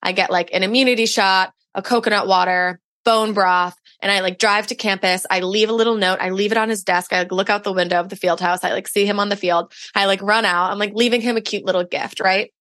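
A woman's voice: medium pitch, fairly even intonation, fairly quick, few pauses, fairly bright tone, dry recording. Young woman guest chatting on a podcast, lots of "like", dry close mic. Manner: chatty storytelling, heavy use of "like". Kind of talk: casual chat.

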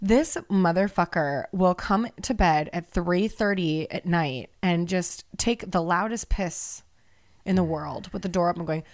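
A woman's voice: lowish voice, unhurried, darkish tone. A woman co-hosting a podcast, ranting heatedly and swearing freely in casual chat. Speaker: podcast co-host.

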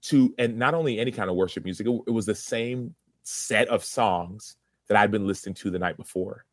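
A man's voice: lowish voice, fairly quick, no echo. A man in his thirties, a former football player, earnestly recounting a personal story in an interview, with many restarts.

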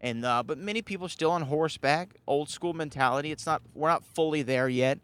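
A man's voice: on the high side, a little fast, a bit bright, clear, resonant tone. Rambling podcast man recapping a movie. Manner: rambling, heavy on "you know" fillers; chuckles at his own remarks. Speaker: podcast host.

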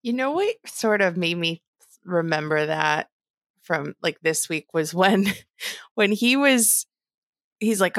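Podcast co-host, woman, lowish voice, hesitant and chatty, dry close sound. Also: no room sound. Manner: hesitant, halting, animated retelling. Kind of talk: casual chat.

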